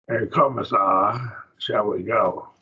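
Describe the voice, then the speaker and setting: A plainspoken, folksy man, a preacher, teaching a slow Bible Greek grammar lesson to a class. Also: fairly low pitch, steady tone, bright, forceful tone, breathy edge. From rural. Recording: dull lo-fi classroom recording.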